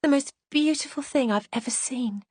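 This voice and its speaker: A woman narrator voicing an excitable young female housemaid who gushes eagerly. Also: high voice, moderate pace, husky, no echo, pitched above the performer's own voice. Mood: delighted. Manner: gushing, eager.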